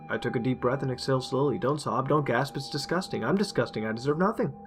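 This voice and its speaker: A man reading a dark first-person story aloud, intense and emotional. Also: medium pitch, quick pace. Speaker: narrator. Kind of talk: dramatic horror story reading. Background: faint music.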